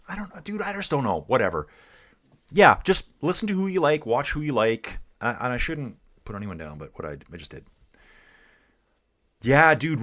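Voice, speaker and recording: Mid-range and a bit bright, the voice belongs to a middle-aged Canadian cycling commentator and streamer. He keeps the live race coverage casual and laid-back, chatting with viewers he calls "guys" and "dude."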